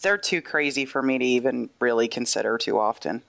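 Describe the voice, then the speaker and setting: A woman co-hosting a casual podcast chat, adding quick, wry asides. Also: extremely low pitch, vocal fry, fairly bright tone.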